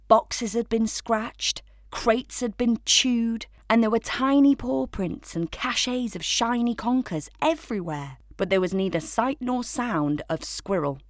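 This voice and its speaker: A woman narrating a children's story in a gentle, measured way. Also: on the high side, dry recording, clean studio sound.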